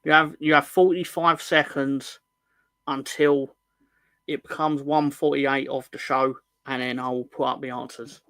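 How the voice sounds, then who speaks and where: A man's voice: medium pitch, level tone, unhurried, fairly bright tone, no echo. A man hosting a football fan livestream in casual chat, rambling and joking, often correcting himself mid-sentence. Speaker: host of a football fan show.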